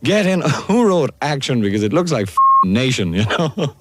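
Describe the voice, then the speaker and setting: A man's voice: medium pitch, big pitch swings, normal speed. A man on pirate radio reading a disco ad, mocking it and laughing through his lines. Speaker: radio presenter. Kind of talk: ad script read with joking asides. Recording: noisy old radio tape.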